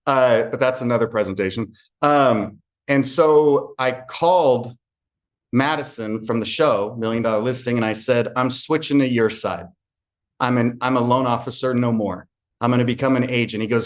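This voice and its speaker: A man's voice: mid-range voice, normal speed. A man who works as a real estate agent tells an earnest personal story to a group and acts out remembered conversations.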